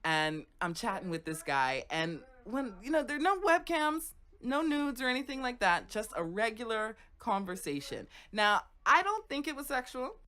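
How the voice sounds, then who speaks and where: A woman's voice: on the high side, moderate pace, hardly any pauses. A woman host from Florida telling a casual, chatty story, often checking in with "right?" and "okay?". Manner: animated, conversational, frequent "right?" and "okay?".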